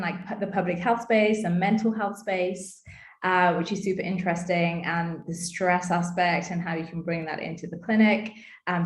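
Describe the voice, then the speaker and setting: A woman from the English Midlands, a dentist, talking casually as a podcast guest with lots of fillers and "like". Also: fairly low pitch. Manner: chatty, many fillers and "like". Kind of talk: casual interview chat. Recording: roomy echo.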